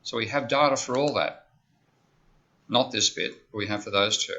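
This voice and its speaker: A man's voice: lowish voice, normal speed, pushed and bright. A man giving a university economics lecture, explaining step by step in a conversational way and checking in with "okay?". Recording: dull lo-fi lecture recording.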